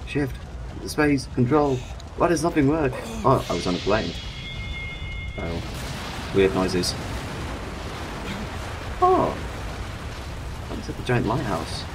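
A young man giving chatty, excitable let's-play commentary. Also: medium pitch. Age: young adult. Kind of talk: gameplay commentary. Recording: steady background noise.

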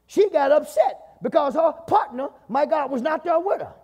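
A man's voice: very high-pitched, animated, normal speed, a little mellow, long reverb tail, muffled recording. A man with a Southern US accent preaching a sermon as pastor in a church, repeating "my God" and calling on the congregation. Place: church sanctuary.

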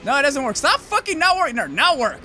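Excitable profane young man gaming. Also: very high-pitched, fast talker, a little hiss or hum. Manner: profane, rambling, yells at monsters. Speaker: gameplay commentator. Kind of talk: solo gameplay commentary.

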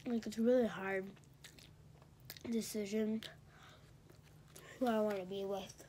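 A teenage girl vlogs in bed, eating as she rambles and gossips, sounding a bit congested. Her female voice is medium-pitched and dark, with fairly even intonation, a measured pace, and slight background noise.

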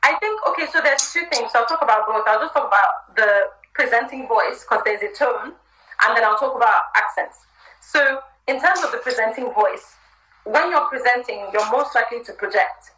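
Bright-voiced woman giving frank advice. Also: on the high side, moderate pace. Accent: American. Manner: candid, chatty, advice-giving. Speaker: guest. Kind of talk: live chat interview. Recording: roomy live stream audio.

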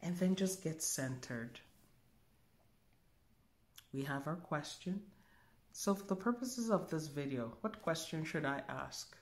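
Woman, very low voice, unhurried, spiritual teacher, musing and humming as she thinks. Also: expressive. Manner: slow, musing, thinks aloud with soft hums. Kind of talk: calm instructional demonstration.

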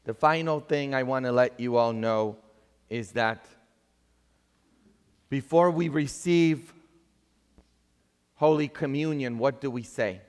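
A man's voice: medium pitch, slow pace, long pauses, smooth. A man with a Polish accent, a pastor preaching a sermon in a church and earnestly asking the congregation questions. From Poland. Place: large church. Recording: long church hall reverb.

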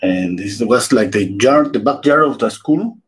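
A man's voice: mid-range voice, lively intonation, unhurried. A man in his fifties, a painting instructor, telling a casual anecdote in a rambling way with many restarts and self-corrections.

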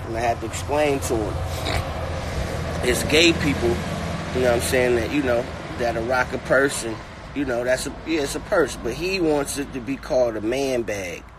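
A man's voice: mid-range voice, normal speed, background noise. Man ranting mockingly in a car. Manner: mocking, animated, repetitive. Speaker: comedic commentator. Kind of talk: profane comedic rant.

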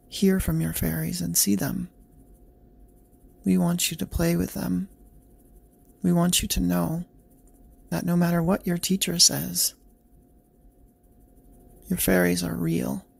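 Loving parents at bedtime, gently encouraging their little girl, read by a man in his own voice. The voice is husky and gravelly, with a slow, even pace. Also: sits high, dry recording, heavily acted.

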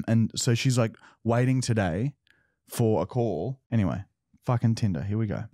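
A man's voice: fairly low pitch, moderate pace, mellow, no room sound, studio quality. An Australian man co-hosting a podcast, casually reading chat messages aloud in a matter-of-fact way. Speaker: podcast co-host.

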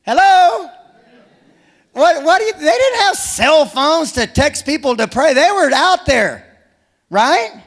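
A man preaching a sermon as pastor, animated and humorous, urging his congregation on. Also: very high-pitched, slow, in a large hall.

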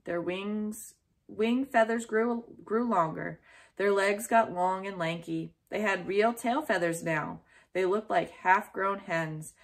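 Lady reading a kids' chapter book out loud, gentle and steady, mid-pitched voice. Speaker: storyteller. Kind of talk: reading a children's book aloud.

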